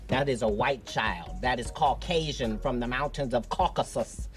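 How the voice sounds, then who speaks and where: A man makes emphatic, joking remarks in a casual way at a middle pitch. Faint music sits behind him. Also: normal speed. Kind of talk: casual commentary.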